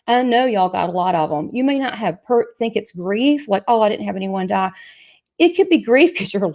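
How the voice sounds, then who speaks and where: A woman with a Southern US accent hosting a live chat show, chatty and excitable, joking about herself and talking fast through asides. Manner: chatty, excitable, self-mocking, sales pitch asides. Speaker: medium and show host.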